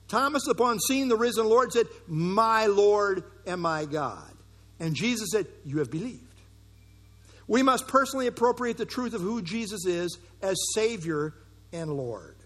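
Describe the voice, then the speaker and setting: A man pastor preaching a sermon in church, earnest and emphatic, slowing down to stress key phrases. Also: very high voice, fairly bright tone.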